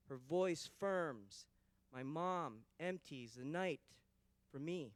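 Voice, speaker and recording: A man reciting a poem in a measured, declamatory way. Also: fairly high pitch, animated. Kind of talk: poetry reading.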